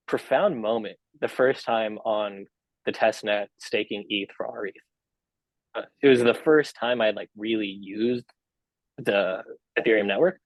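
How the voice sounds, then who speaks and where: A man's voice: fairly low pitch, no room sound, rough recording. A young man as a podcast guest, talking casually and rambling with lots of fillers and restarts. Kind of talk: casual interview chat.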